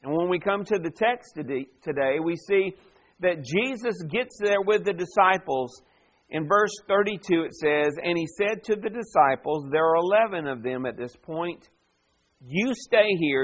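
A man preaching a sermon, reading scripture aloud and then teaching in an animated, conversational way. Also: high voice. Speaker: pastor. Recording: dull lo-fi sound.

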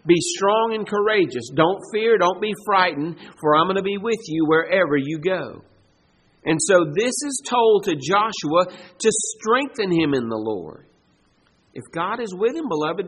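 A middle-aged man preaching a sermon as pastor, emphatic, repeating key phrases and slowing down to stress commands. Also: sits high, fairly bright tone, a little hiss or hum.

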